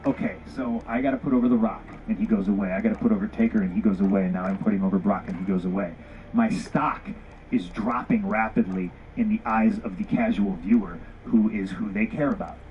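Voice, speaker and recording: A man's voice: fairly low pitch, brisk, highs cut off, slight background noise. A man telling a story bluntly with lots of swearing, acting out both sides of old conversations. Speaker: former pro wrestler telling a story. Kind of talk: casual candid storytelling.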